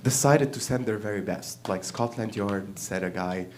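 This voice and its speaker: A man's voice: on the low side, moderate pace. A man doing a stand-up routine at an open mic, rambling and profane and laughing at his own jokes. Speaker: stand-up comedian. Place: stage at an open mic night.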